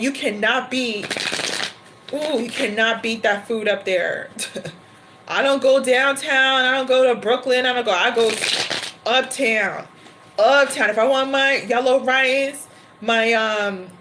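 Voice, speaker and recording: New lady chatting on a livestream, kinda high voice, laughs a lot, bit of faint noise behind. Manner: chatty, laughing often, quick asides. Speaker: tarot reader livestream host. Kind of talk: casual chat to a livestream.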